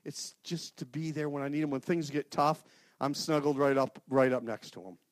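A middle-aged man giving an informal, earnest sermon to a men's group, swinging from loud outbursts to hushed prayer. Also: medium pitch, steady tone, normal speed, dry recording, studio quality. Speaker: lay speaker at a men's gathering.

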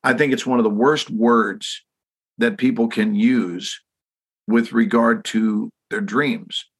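Husky Texan man in his sixties. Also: mid-range voice, fairly even intonation, takes it slowly, a bit bright. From Texas. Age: 60s. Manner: emphatic storyteller, asks rhetorical questions to listeners. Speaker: guest. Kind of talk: podcast conversation.

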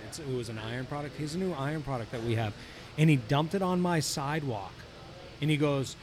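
A man hosting a casual podcast, telling animated stories and swearing freely. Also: mid-range voice, fast, a crowd in the background. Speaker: podcast host, golf course superintendent. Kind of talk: casual chat. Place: brewery.

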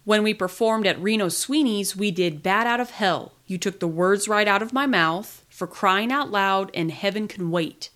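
A woman reading a memoir aloud in the first person, with lively, expressive storytelling. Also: mid-range voice, normal speed, few pauses. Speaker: podcast reader.

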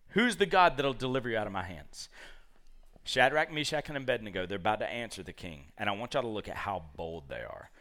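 A man preaching a lively sermon, acting out the characters of a Bible story. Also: mid-range voice, quick pace. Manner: animated, acts out quoted characters.

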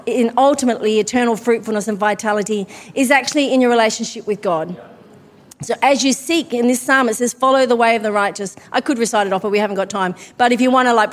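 Female preacher with a high voice. Chatty and self-deprecating, recorded in a church hall with a long echo. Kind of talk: sermon.

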